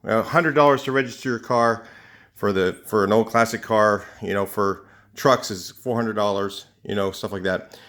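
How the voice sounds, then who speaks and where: A man's voice: fairly low pitch, moderate pace, fairly bright tone. A man from California talking in a casual, rambling rant to camera, indignant, with lots of fillers and restarts. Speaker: vlogger. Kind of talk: casual ranting monologue to camera.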